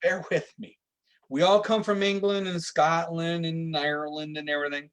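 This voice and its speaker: A man, a guest psychic medium, chatting and telling animated stories while laughing along. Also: fairly high pitch, moderate pace, smooth. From Canada. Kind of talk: casual chat.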